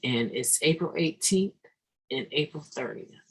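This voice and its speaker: Slow gravelly earnest recovery speaker. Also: mid-range voice, expressive, poor audio. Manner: halting, earnest, restarts mid-thought, emphatic bursts. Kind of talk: reflective daily meditation talk.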